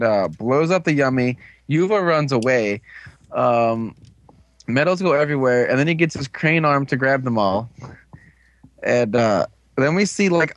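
A man's voice: medium pitch, fairly bright tone, no room sound. A man casually recapping an episode in a rambling, amused way, with plenty of fillers. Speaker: podcast co-host recapping an episode. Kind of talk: casual chat.

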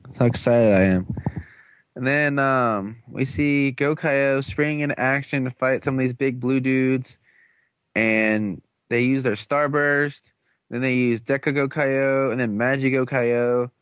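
A man's voice: medium pitch, steady tone, unhurried, fairly bright tone, dry recording. A young man casually recapping a TV episode, rambling and playful, full of slangy asides and goofy quoted voices.

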